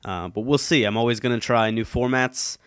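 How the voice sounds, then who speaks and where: A man talks casually and at length, full of ums, restarts and asides, still a little stuffed up from a cold. His voice is smooth and clear, recorded close and dry with no room sound. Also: mid-range voice, brisk, a bit bright, no room sound. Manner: rambling, many ums and restarts. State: slightly congested. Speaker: YouTube commentator. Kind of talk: casual solo chat. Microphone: headphones, desk mic.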